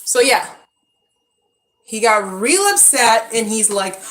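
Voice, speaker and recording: A slightly high, somewhat bright, and very animated voice belongs to a vlogger in her thirties who speaks slowly, with long pauses. She chats casually on a live stream outdoors by her backyard pool at home, talking to viewers and scolding her kids in between.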